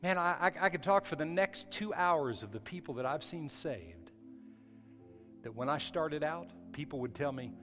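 A man's voice: on the high side, animated, moderate pace, fairly bright tone. A male pastor preaching a sermon in a church, emphatic, often restarting his phrases. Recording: hall reverb with faint music.

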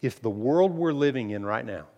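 A man preaching a sermon as pastor, emphatic, climbing to loud peaks and then dropping low. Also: lively intonation, moderate pace, long reverb tail, muffled recording.

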